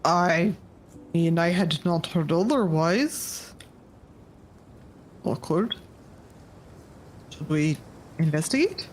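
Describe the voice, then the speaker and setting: Tabletop game player, mid-pitched, hesitant and questioning, casual delivery, faint background rumble. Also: very slow, pauses often. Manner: tentative, questioning.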